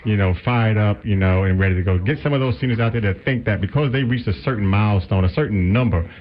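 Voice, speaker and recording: A man's voice: lowish voice, fast talker, muffled recording. A man hosting a radio interview, affirming and upbeat. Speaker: radio show host.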